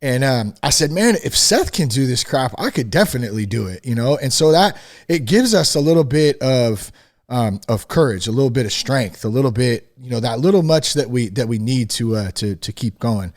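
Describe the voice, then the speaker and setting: A man's voice: mid-range voice, animated, normal speed. A man hosting a podcast, chatting casually and affirming his guest, relating it to his own story. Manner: affirming, frequent "yeah", relatable. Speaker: podcast host. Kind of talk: casual interview chat.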